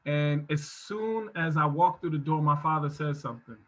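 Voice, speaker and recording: A man giving a motivational talk over a video call from his home office, speaking in an emphatic, preacherly style that swells into shouts. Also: on the high side, normal speed, rough recording. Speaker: guest speaker.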